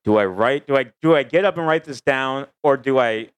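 A male comedian co-hosting a casual comedy podcast, delivering jokes deadpan and often restarting his sentences. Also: mid-range voice, a little fast, clean tone, dry recording. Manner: deadpan jokey, stammers and restarts. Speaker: comedian co-host.

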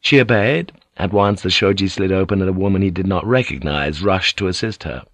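A man reading an audiobook aloud in a measured, even storytelling manner. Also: sits low, no room sound. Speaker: audiobook narrator. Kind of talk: scripted audiobook narration.

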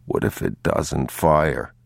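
A man voicing an exhausted, protective father in a storybook, in whispered role-play, urgent and very slow. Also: rumbling low, steady tone, vocal fry, dry recording, full character voice.

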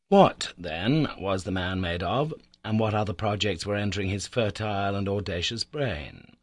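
A man narrating a classic adventure novel in a measured, steady way. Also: lowish voice, no echo. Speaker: audiobook reader.

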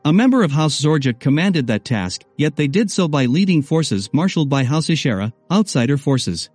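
A man narrating a first-person audiobook in a steady, scripted reading. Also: fairly high pitch, normal speed, no room sound, soft background music.

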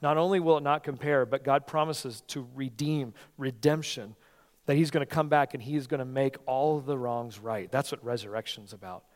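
A male pastor preaching a sermon with passion, swinging from near-shouting peaks to soft, earnest tones. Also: medium pitch, normal speed. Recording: long reverb of a large hall.

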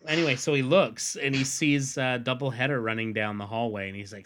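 A man's voice: medium pitch, normal speed, a bit bright. A man casually retelling a comic book story, acting out the characters' lines in put-on voices and laughing often. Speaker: podcast host.

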